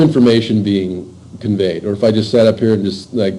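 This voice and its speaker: Man lecturing casually with a mellow voice. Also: lowish voice, fairly even intonation, low-quality recording. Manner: informal, halting, many fillers and restarts. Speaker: university lecturer. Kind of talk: classroom lecture.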